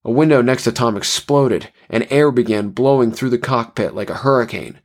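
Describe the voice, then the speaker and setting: A man narrating a scripted horror story in a measured way. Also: medium pitch.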